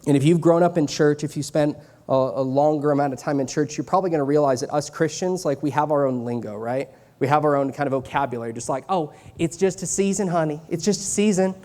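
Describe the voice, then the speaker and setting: A man's voice: on the high side, steady tone, quick pace, dark tone. A man in his late twenties, a youth pastor giving a conversational sermon, repeating key lines for emphasis and adding joking asides. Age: 20s. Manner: joking asides, drops into a mock Southern voice for church sayings.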